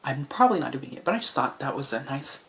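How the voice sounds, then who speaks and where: A young man talks to camera in a loose, rambling vlog, stringing thoughts together with constant "like" and little restarts. He keeps his voice low and soft, as if trying not to wake anyone at night. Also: animated, quick pace. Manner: chatty, filler-heavy with frequent "like"; speaking softly late at night. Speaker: vlogger. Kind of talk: casual rambling monologue to camera. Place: indoors at home at night under a lamp.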